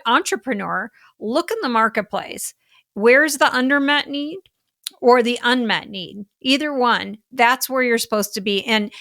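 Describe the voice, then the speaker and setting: Middle-aged woman on a podcast, bright forceful voice, higher pitched, talks fast and loose with lots of "like". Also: no room sound, clean studio sound. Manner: animated, heavy use of "like" fillers. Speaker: guest, business coach. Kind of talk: casual podcast interview chat.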